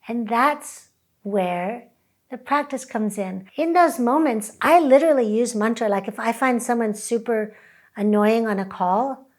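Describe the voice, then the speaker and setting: A woman who teaches chanting, talking reflectively and softly, now and then breaking into chant. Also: fairly high pitch, a little slow. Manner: soft-spoken, breaks into sung chant.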